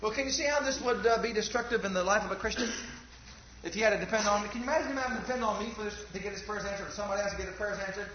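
A man's voice: sits high, rapid-fire, noisy background. A man preaching a fervent sermon, firing rhetorical questions at the congregation and calling for amens. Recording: echoey, dull lo-fi church recording.

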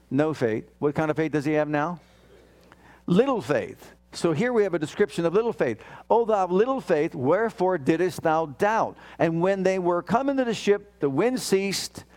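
Guy preaching a sermon, kinda high voice, reads verses and acts out the prayers he quotes. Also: a little mellow. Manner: preaching with emphatic dramatic voicing of quoted prayers; questions the congregation and reads scripture aloud.

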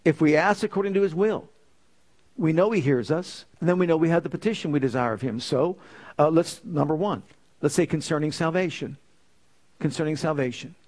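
Male preacher, emphatic sermon delivery, slightly high pitch. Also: fairly quick, a little mellow. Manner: earnest, emphatic storytelling preaching.

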